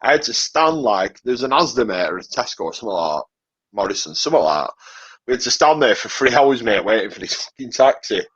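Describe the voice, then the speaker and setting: Husky man, slightly muffled. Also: medium pitch, sing-song, fast, a bit bright. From near Manchester. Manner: sweary, laughs at his own stories, calls people mate. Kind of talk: casual late-night football chat.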